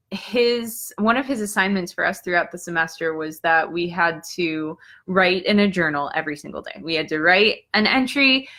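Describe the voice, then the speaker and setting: Young adult woman, bright and forceful tone, casual storyteller who jumps high and drops to whispers when quoting herself. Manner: animated storyteller, acts out her own past lines with pitch jumps and drops to a whisper. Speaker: psychic Q&A host.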